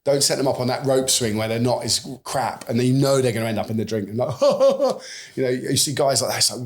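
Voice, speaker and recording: Brisk and lively in intonation, this mid-range voice belongs to a British man in his forties appearing as a podcast guest. In the conversational interview he speaks animatedly, acting out bits of dialogue he quotes.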